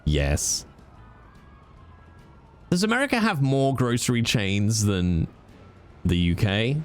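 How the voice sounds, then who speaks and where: A man's voice: lowish voice, sing-song, slow pace, soft background music. A British man who streams, talking with his viewers in a chatty, joking way. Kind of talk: casual chat with viewers.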